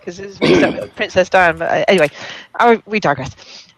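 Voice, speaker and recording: A man with a high voice hosts a podcast and keeps the talk moving with short, friendly remarks. His sound is dry and close, with no room around it. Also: a little fast, a bit bright, dry recording, low-quality recording. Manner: brief, friendly interjections. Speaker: podcast host. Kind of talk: casual chat.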